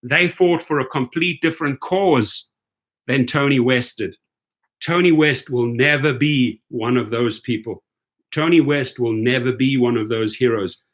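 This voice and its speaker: A man's voice: mid-range voice, measured pace. Indignant man ranting to camera. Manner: indignant, repetitive, keeps asking "right?". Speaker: rideshare video host. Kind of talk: impassioned commentary rant.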